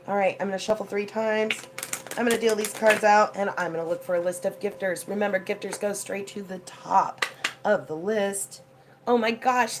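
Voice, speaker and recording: A woman's voice: medium pitch, noisy background. A woman hosting a casual livestream tarot reading at home, chatty and effusive, with rain heard behind her. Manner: chatty and effusive, thanks viewers. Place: home with a door open to the rain.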